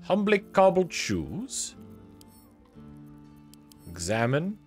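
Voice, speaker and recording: A man's voice: fairly high pitch, wildly swooping pitch, very slow, soft background music. Chatty man streaming a video game. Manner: wry, chatty, reads in-game text aloud. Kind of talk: live gameplay commentary.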